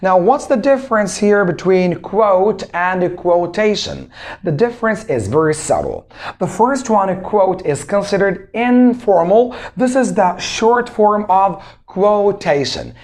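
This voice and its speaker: Animated man teaching English pronunciation. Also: high voice. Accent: Arabic. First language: Arabic. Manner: emphatic, drawn-out word drills and rhetorical questions. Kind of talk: spoken English lesson.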